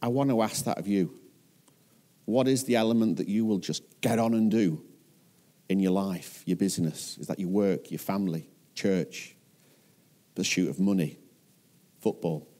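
A man's voice: deep voice, moderate pace, pauses often, warm tone. A man with a Northern English accent preaching a sermon as a pastor, earnest and often putting questions to his listeners.

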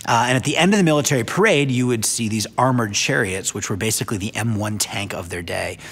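A man's voice: on the low side, quick pace, fairly bright tone, slightly rough, long reverb tail. A man giving a sermon as pastor in a conversational preaching style, with asides to viewers at home. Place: church sanctuary, online broadcast.

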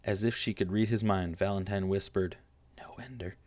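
A man narrating an audiobook in a steady, measured reading. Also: low-pitched, no echo, lo-fi sound.

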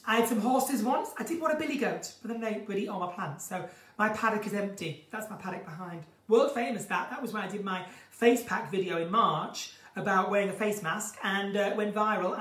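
Croaky woman chatting on a live stream. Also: medium pitch, brisk, fairly bright tone. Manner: chatty, gushing, flamboyant, breaks into song. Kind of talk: unscripted live chat, reading out viewer comments. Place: home in the countryside. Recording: roomy, distant phone sound.

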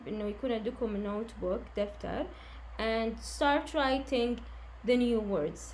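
A woman teaching English, speaking slowly and patiently and repeating each instruction. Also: fairly high pitch, slight background noise. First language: Arabic. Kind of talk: online lesson, switching to Arabic.

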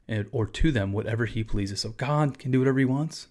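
A man's voice: mid-range voice, brisk, few pauses, darkish tone. A man, a pastor, teaching about a church confession of faith in a casual, conversational way with asides.

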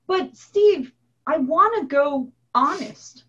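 A woman's voice: high voice, lively intonation, takes it slowly, fairly bright tone. A woman hosting an interview podcast, enthusiastic and conversational. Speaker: podcast host. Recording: dull lo-fi recording.

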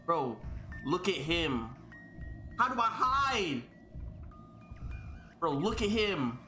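A man with a fairly high, wildly swinging voice yells and frets through panicky gameplay commentary, drawn out and unhurried between outbursts. His voice rings in a roomy, echoey space, with game music playing loudly behind him. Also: very animated. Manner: panicky, exclaiming, yelling at the game. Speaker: gaming video creator.

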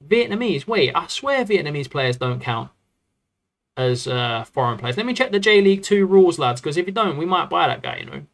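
Chatty, excitable male game streamer. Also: on the high side, brisk, vocal fry. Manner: chatty, rambling and excitable, often addressing the chat as lads. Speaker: streamer playing a football management game. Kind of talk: casual live-stream commentary.

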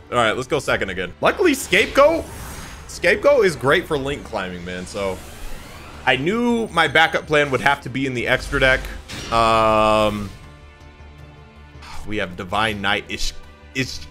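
A young man giving chatty, excitable, jokey commentary as he plays a card game. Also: mid-range voice, measured pace, pauses often. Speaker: YouTuber playing a card game. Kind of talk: live gameplay commentary. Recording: faint music behind.

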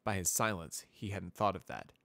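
A man narrating a fan fiction story in a steady, measured reading voice. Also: deep voice, vocal fry, dry recording.

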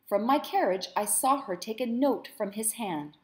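A woman's voice: on the high side, expressive, moderate pace, a little mellow, voice pushed up, natural voice. A gossiping society lady, as a woman reading a storybook puts her on, insistent and a little raised as she tattles. The voice stays close to the reader's own, only lifted a touch.

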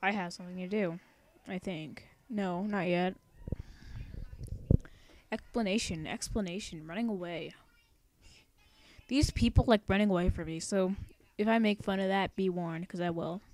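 A woman's voice: fairly low pitch, measured pace, long pauses, darkish tone. A young woman narrating a let's play, chatty and sarcastic, rambling with singsong asides. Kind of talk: casual game commentary.

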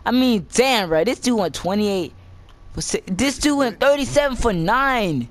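A young gaming channel host with a very high-pitched voice speaks at an unhurried pace while giving excitable live commentary on his play. He curses constantly and swings between shouting and muttering.

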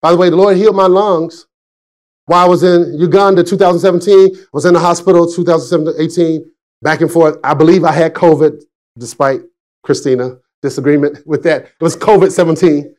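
A man in his forties, a pastor preaching a sermon, telling stories with frequent laughs and swinging between excited and hushed delivery. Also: fairly high pitch, fairly quick. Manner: chatty storytelling with frequent laughs. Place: church service.

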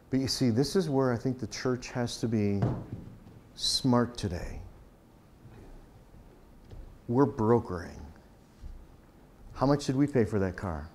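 Man, pastor, lower pitch, conversational talk, story-driven. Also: darkish tone. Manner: storytelling, acts out quoted exchanges, conversational. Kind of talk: conference talk.

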